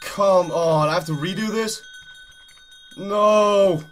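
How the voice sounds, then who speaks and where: A man giving excited live commentary while playing a cycling race game, urging himself on, repeating phrases and shouting. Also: high voice, takes it slowly, slight background noise. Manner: urgent, repetitive, shouting in excitement. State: out of breath. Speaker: gaming YouTuber.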